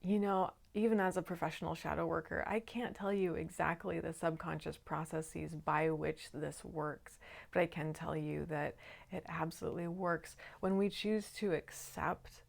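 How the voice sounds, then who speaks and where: Calm earnest woman talking spiritual stuff, lowish voice with some vocal fry. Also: normal speed. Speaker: shadow work coach. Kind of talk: personal spiritual talk.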